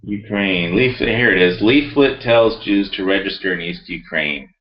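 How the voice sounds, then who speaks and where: A man's voice: deep voice, moderate pace, highs cut off. A man ranting heatedly in a rambling, profane way and reading his own forum post aloud. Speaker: video blogger.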